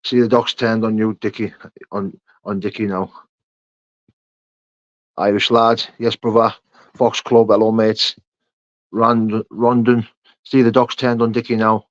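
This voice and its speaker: The speaker is a young livestream host who greets viewers by name and answers their questions in a friendly, chatty way. He talks unhurriedly in a fairly low, level voice, leaving long pauses, and the dry recording sounds dull and muffled.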